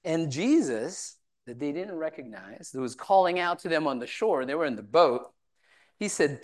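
A woman's voice: low-pitched, expressive, moderate pace, darkish tone. A woman teaching from the Bible, reading verses aloud and retelling them in casual everyday talk. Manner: reads scripture then paraphrases it in casual voiced asides.

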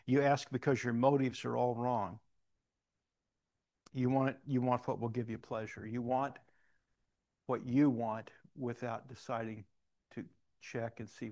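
A middle-aged man preaching a sermon, telling personal stories and moving between loud emphatic questions and quiet reflective moments. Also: medium pitch. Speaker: pastor.

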